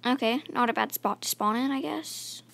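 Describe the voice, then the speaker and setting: A woman's voice: fairly high pitch, normal speed, vocal fry, fairly bright tone, no room sound. A woman giving casual, rambling let's-play commentary, mumbling and chatting to the animals in her game. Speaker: gaming channel host.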